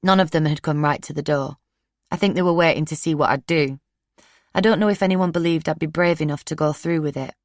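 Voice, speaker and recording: Low-voiced woman, dry close narration. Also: brisk, no echo. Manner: steady, plain-spoken storytelling. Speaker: audiobook narrator. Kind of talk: first-person true crime audiobook narration.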